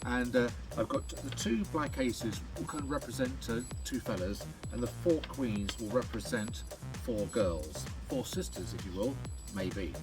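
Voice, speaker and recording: A man's voice: medium pitch, animated, a little slow, music in the background. A man, a magician, talking through card tricks in a chatty, playful way, counting cards aloud as he goes. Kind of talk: patter while performing card tricks.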